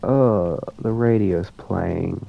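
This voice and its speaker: A nervous young man narrates a horror game to his viewers, mocking himself as he goes. His low voice has a gravelly edge, and the lo-fi recording sounds dull. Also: drawn-out words. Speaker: student gamer. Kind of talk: casual game commentary.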